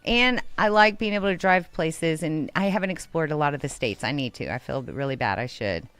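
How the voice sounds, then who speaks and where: A woman's voice: sits low, fairly quick, fairly bright tone, clear, resonant tone, no echo. A Texan woman co-hosting a casual chat show, rambling through asides and laughing often. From Texas. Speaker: co-host.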